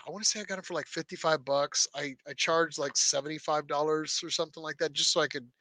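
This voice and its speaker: A man co-hosting a casual car podcast, telling long animated stories with lots of fillers and restarts. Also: fairly high pitch, quick pace, no echo. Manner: rambling, animated storyteller with many fillers. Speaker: podcast co-host. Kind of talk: casual chat.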